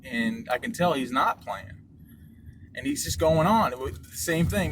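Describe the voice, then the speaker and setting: A young man co-hosting a podcast, telling a story in a casual, animated and profane way. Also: mid-range voice, moderate pace. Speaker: podcast co-host. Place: car during a delivery drive. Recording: loud road and ambient noise.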